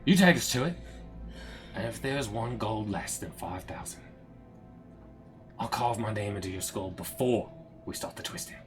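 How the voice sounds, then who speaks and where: A man's voice: on the low side, moderate pace, pauses often, faint music behind, lightly acted. A man voicing a cruel male pirate captain who sneers and taunts his captive. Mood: menacing. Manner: sneering, mocking threats.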